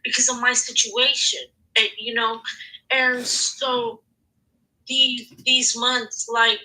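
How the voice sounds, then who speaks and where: A woman calling in to an online psychic show, speaking haltingly and hesitantly over a video call. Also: a little high, level tone, pushed and bright, rough recording.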